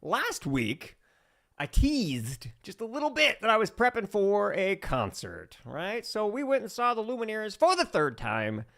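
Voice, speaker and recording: A man co-hosts a podcast in relaxed, easygoing conversation. His pitch swings a lot as he talks, and he is quick to agree and sympathize. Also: vocal fry. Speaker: podcast co-host. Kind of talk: casual chat.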